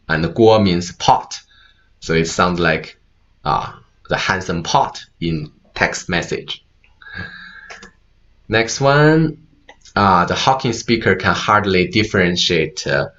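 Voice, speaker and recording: A man whose first language is Mandarin Chinese gives a talk at a conference, explaining slowly with many fillers and mixing in Mandarin words. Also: low voice, a bit bright, highs cut off. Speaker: conference speaker. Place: conference room.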